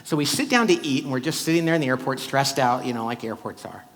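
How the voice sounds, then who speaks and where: A man's voice: medium pitch, quick pace. A man giving a keynote talk to a live audience, telling stories and acting out the people in them. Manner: animated, acts out quoted voices. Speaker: keynote speaker. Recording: reverberant hall.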